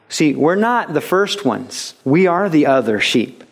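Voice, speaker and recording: A man preaching from the pulpit, his voice sitting a little higher than most men's. He is lively and playful, slipping into little voices for the people he quotes, then settling back into earnest teaching. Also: a little slow, hardly any pauses. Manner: animated, jokes, puts on voices for quoted people. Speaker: pastor. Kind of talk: sermon.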